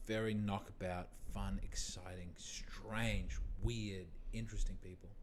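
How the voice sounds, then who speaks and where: A man's voice: fairly low pitch, steady tone, measured pace, a little hiss or hum. An Australian man on a comedy chat show, telling stories playfully and slipping into funny voices. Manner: playful storyteller who breaks into funny voices. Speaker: comedian guest. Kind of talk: casual chat.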